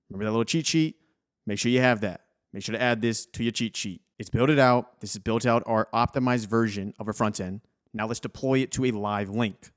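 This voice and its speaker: Casting: young man, laid-back tutorial host, mid-pitched, friendly step-by-step talk. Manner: casual, encouraging, talks viewers through steps. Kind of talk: screen-recorded software tutorial.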